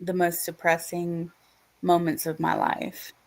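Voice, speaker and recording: A woman hosting a stream, chatting casually and telling slow, relaxed stories on a video call. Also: fairly low pitch. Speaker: stream host. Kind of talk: casual chat.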